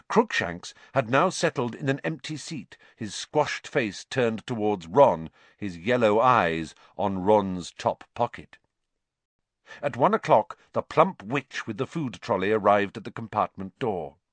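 A man reading a storybook aloud in an expressive way. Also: medium pitch, no room sound. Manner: expressive, with many character voices. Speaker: audiobook narrator.

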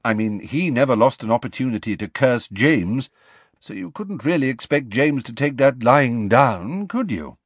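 A man voicing a gentle, thoughtful grown man who speaks quietly and slowly. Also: mid-range voice, animated, no room sound, pitched above the performer's own voice, lightly acted. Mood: measured. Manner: quiet, slow, measured.

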